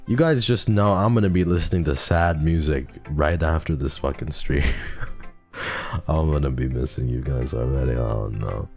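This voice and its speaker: A young man streaming a game, speaking softly and affectionately to his chat. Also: a bass voice, measured pace, creaky, faint music behind. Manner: soft, affectionate and emotional with chat. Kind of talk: emotional game playthrough with chat.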